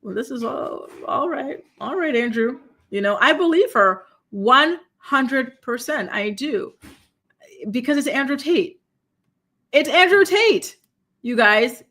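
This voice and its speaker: A fairly high-voiced woman hosting a live commentary stream. She talks in an animated, exclamatory way, full of disbelief, and keeps reacting to comments from her chat. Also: slow. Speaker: commentary show host.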